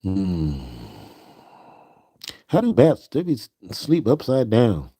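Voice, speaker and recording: A man's voice: mid-range voice, sing-song, takes it slowly, mellow, no room sound. A man chatting casually on his live stream, rambling and musing aloud with frequent "you know"s.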